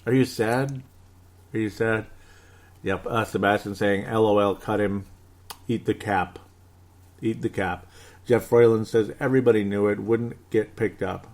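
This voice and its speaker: A man in his thirties hosting a casual sports podcast, excitable and rambling, reading out listener comments. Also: fairly low pitch, normal speed. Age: 30s. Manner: hyper, excitable, rambling with laughs. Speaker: podcast host.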